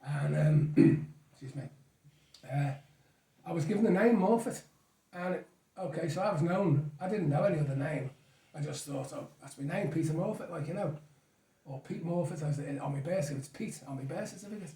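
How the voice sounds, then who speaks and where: A man's voice: a little high, fairly quick, warm tone, far from the mic. A man, a guest reminiscing in rambling, chuckling stories. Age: 60s. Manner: rambling storyteller, chuckles often. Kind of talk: casual reminiscing chat. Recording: echoey room, off mic.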